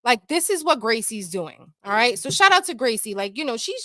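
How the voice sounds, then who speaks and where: A woman's voice: on the high side, sing-song, brisk, hardly any pauses, sharp tone, dry recording, clean studio sound. A woman hosting casual commentary, talking bluntly and chattily with plenty of swearing. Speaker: commentary host. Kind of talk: casual commentary reading allegations.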